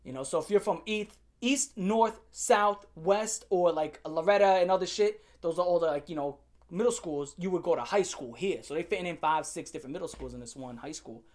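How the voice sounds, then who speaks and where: A man's voice: fairly high pitch, brisk, darkish tone. A young man telling a story from his school days to his viewers as a heated, profane rant full of slang, addressing them directly and repeating himself.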